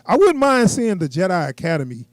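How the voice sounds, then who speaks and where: A man, co-hosting a podcast in casual chat, animated and slipping into quoted voices. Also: high voice, fairly quick, dry recording, clean studio sound. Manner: animated, acts out quoted people in raised voices. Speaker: podcast co-host.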